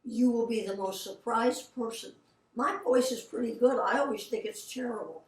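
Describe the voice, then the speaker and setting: A woman's voice: a little high, moderate pace. Older woman telling stories, roomy and distant. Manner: chatty anecdotal, quotes people in her stories. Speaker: voice actress. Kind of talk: casual storytelling.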